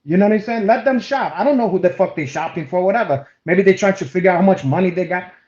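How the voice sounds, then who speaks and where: A man co-hosting a chat over a video call, telling an animated story with heavy swearing, restarts and loud acted-out quotes. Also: sits high, fast. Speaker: co-host. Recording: roomy, dull lo-fi stream audio.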